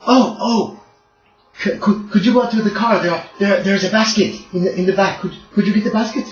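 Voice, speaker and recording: A man's voice: high voice, fairly quick, faint music behind, pitched above the performer's own voice, lightly acted. Man doing a young Austrian woman, friendly, stammering, raised voice, muffled echoey recording. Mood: flustered. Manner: flustered, stammering requests. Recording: dull roomy recording.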